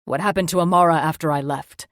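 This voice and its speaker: A woman's voice: low-pitched, fast, no echo, clean studio sound, close to an everyday voice. Woman voicing a guilt-ridden werewolf man. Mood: anguished. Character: guilt-stricken male werewolf brother, anguished.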